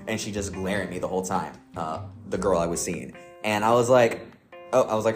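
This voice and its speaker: A man's voice: fairly low pitch, animated, moderate pace, faint music behind. A young man co-hosting a podcast, telling a story in a casual, jokey way and laughing often. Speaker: podcast co-host.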